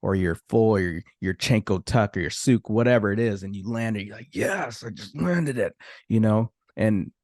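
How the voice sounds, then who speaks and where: A man hosts a podcast in a relaxed, easygoing manner and often stops to say "you know." His voice sits on the low side. The recording is dry, with no room echo. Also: a little fast, few pauses. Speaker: podcast host. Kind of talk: casual conversation.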